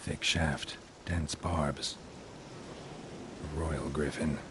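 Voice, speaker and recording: An actor playing a gruff middle-aged male monster hunter in video game dialogue, speaking in clipped, matter-of-fact fragments. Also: extremely low pitch, fairly even intonation, extremely slow, noisy background, full character voice. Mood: terse analytical. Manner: clipped, matter-of-fact, dropping subjects from sentences.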